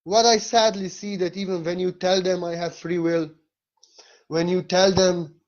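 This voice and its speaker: A man with a somewhat high voice delivers a spiritual monologue in a blunt, emphatic way. He swears often and uses non-native phrasing. The recording sounds dull and lo-fi. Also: little pitch movement, measured pace. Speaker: spiritual teacher.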